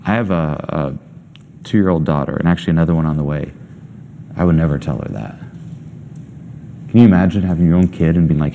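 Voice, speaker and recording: A man's voice: rumbling low, brisk, pauses often, mellow, a little hiss or hum. A young man coaching a group, blunt and emphatic, swearing freely and firing rhetorical questions. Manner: asks many rhetorical questions. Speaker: self-help coach. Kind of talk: coaching session.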